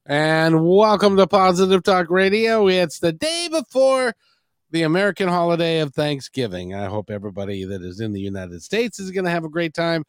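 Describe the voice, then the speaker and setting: A man's voice: on the high side, sing-song, moderate pace, no echo, clean studio sound. A man hosting a radio talk show, enthusiastic and chatty, rambling a little as he talks. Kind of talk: upbeat radio interview.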